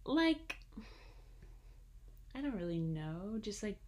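A woman's voice: medium pitch, big pitch swings, slow. A young woman co-hosting a podcast in casual chat, hedging often with "like" and "I don't know". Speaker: podcast co-host.

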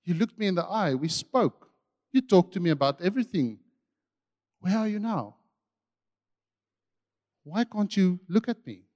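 A man's voice: high voice, lively intonation, measured pace, long pauses, a little mellow, in a large hall, dull audio. A man preaching who voices God tenderly asking a hiding man where he has gone. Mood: pleading. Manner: pleading, questioning.

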